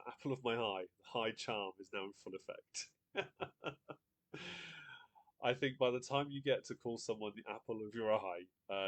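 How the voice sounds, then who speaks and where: A man hosting a live online quiz, chatty, reading out viewer guesses and laughing often. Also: fairly low pitch. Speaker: quiz host.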